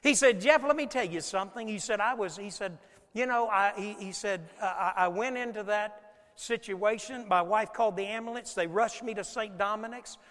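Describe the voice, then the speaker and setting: A pastor with a high, fairly bright voice preaches at a moderate pace, his sermon echoing with long hall reverb. Storytelling drives it: he performs scenes and asks the congregation questions.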